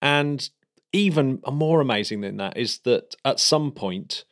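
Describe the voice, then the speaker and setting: A man's voice: mid-range voice, animated, a little slow, a bit bright. Chatty, enthusiastic man. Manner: enthusiastic, chatty, with fillers and restarts. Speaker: podcast co-host. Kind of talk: casual space news chat.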